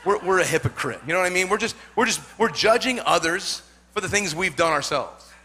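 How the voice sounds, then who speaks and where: A man's voice: high-pitched, expressive, a little fast, sharp tone, slightly rough. A male pastor preaching a sermon, emphatic and joking, repeating his points for effect.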